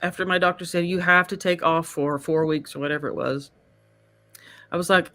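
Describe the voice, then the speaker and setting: A woman's voice: on the low side, steady tone, a little fast, bright, forceful tone. A woman hosting a live-streamed talk series, speaking in an effusive, emotional way and laughing often. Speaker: host. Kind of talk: casual live-stream chat.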